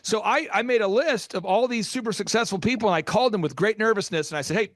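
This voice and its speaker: A middle-aged man, a business coach guest, telling stories with passion and sometimes getting loud. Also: a little high, dry recording, studio quality. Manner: passionate, loud at times, rapid storytelling. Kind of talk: energetic storytelling interview.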